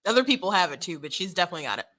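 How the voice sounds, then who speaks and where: Bright, chatty woman commentator. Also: on the low side, sing-song, very fast. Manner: chatty, laughing, many restarts and fillers. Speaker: political commentary host. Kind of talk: casual political commentary.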